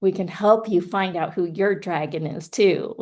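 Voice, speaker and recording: A woman's voice: on the low side, measured pace, a little mellow. A woman speaker, a hypnotherapist and author, giving a casual online talk in a chatty, self-amused way. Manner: chatty and self-amused, laughing between thoughts. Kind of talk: casual online presentation and chat.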